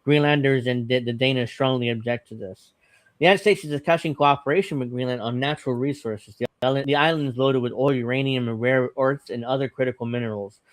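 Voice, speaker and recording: A man hosting a podcast, reading news articles aloud with halting fillers and casual asides. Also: mid-range voice, fairly even intonation, dry recording. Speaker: podcast host.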